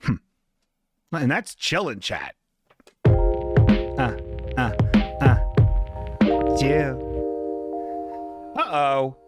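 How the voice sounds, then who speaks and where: Animated swearing podcast host, lively pitch. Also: male voice, very slow, long pauses, soft background music. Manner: animated, swearing, jokey, puts on silly voices for chatters. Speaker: podcast host reading chat. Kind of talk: casual live-stream chat.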